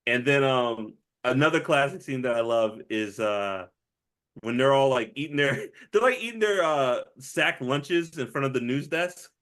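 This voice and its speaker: A man's voice: mid-range voice, normal speed. A man co-hosting a movie podcast, chatting casually and acting out quotes with frequent laughter. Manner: animated, laughs often, acts out movie quotes. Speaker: podcast co-host. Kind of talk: casual movie review chat.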